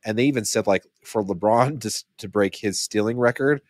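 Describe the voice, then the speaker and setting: A man's voice: on the low side, fairly quick, dry recording, clean studio sound. A man co-hosting a podcast in casual chat, rambling and often correcting himself mid-sentence. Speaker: podcast co-host.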